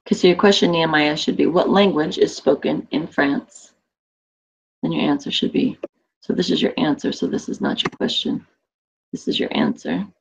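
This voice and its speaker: A woman's voice: low voice, huge pitch swings, brisk, vocal fry, breathy edge. A woman teaching a Spanish class online, explaining with chatty examples and asides to her students. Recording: dull lo-fi audio.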